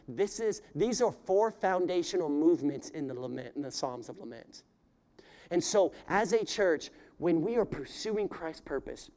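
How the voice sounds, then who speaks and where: High-voiced pastor preaching with surging intensity. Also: male voice. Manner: voices prayers in rising, pleading cries, then drops to quiet appeals; addresses the congregation directly. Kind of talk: sermon.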